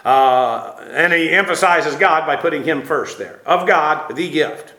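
A man's voice: on the high side, unhurried, pushed and bright, roomy sound, rough recording. A man preaching an expository sermon, teacherly and emphatic, with frequent filler sounds. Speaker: pastor.

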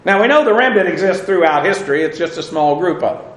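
A man's voice: high voice, lively intonation, fast talker, reverberant, low-quality recording. A man teaching a Bible lesson as a sermon, talking in a loose conversational way with fillers and small laughs.

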